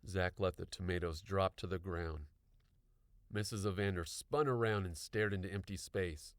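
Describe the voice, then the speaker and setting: A man narrating an audiobook with expressive storytelling. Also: low-pitched, normal speed, no room sound, studio quality.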